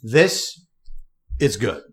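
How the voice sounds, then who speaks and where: Lively, playful male podcast co-host. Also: on the low side, drawn-out words, breathy edge. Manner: playful, jokey, laughs often. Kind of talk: casual chat.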